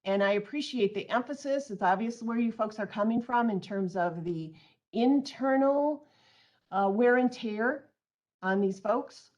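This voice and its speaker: A woman's voice: on the high side, a little slow, darkish tone. A woman presenting an online training webinar, reading out audience answers and then explaining her points earnestly, on a computer mic.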